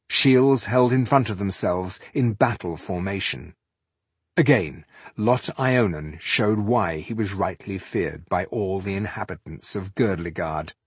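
A man reading a fantasy audiobook as narrator, with measured, dramatic storytelling. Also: lowish voice, husky, no echo. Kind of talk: scripted narration.

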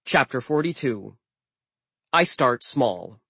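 A man narrating a first-person novel as an audiobook, in a measured, wry storytelling manner. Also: mid-range voice, sing-song, vocal fry, a bit bright, husky, no room sound.

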